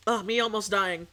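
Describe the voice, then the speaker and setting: A young adult woman streaming from home as a VTuber, telling a story in a casual, animated rant full of swearing and sudden outbursts. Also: mid-range voice, background noise.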